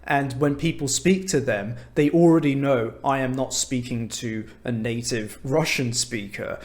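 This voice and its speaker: A young English man with an English accent, teaching learners in a measured, clear talk to camera. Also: mid-range voice. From England. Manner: measured, clear, explains words plainly.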